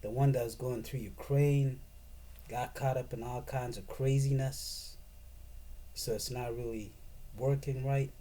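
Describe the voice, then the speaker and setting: A man's voice: mid-range voice, fairly even intonation, a little slow, mellow. A man giving a profane, sarcastic and rambling political rant as a commentator.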